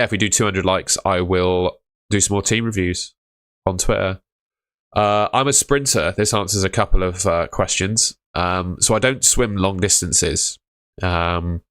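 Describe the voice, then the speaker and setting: This young man hosts a fantasy football livestream, reading viewer questions in a casual chat. His deep voice is a little bright, and he's offhand and matter-of-fact, calling viewers "mate." The audio is studio quality with no echo.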